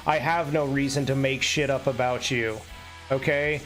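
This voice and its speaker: A man's voice: mid-range voice, steady tone, moderate pace, fairly bright tone, soft background music. A man live-streaming an unscripted rant, blunt and heated, swearing constantly.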